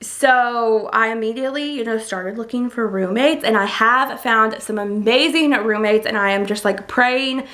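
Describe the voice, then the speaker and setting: A young woman in college tells a personal story in a casual, chatty vlog, full of likes and ums, getting excited as she retells it. Her voice is fairly high, and she speaks at normal speed with few pauses.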